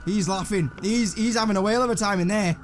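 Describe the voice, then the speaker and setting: A man's voice: high voice, fast, soft background music. A man giving jumpy, sarcastic, swearing commentary while playing a horror video game. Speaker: gaming channel host.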